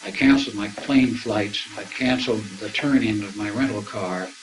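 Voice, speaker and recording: An older man with a lowish voice tells a winding story to an audience. He acts out the remembered back-and-forth as he goes, with a faint hiss behind him. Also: moderate pace, rough recording. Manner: anecdotal, acts out remembered dialogue. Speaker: speaker recounting his experiences.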